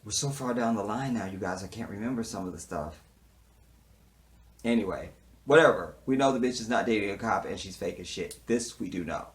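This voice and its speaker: A man with a lowish voice recapping a TV episode in a casual, sassy way. He swears freely and jumps from hushed, murmured asides to loud outbursts. He acts out the characters' lines as he goes. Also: brisk. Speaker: TV show reviewer. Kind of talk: casual, animated recap with quoted dialogue.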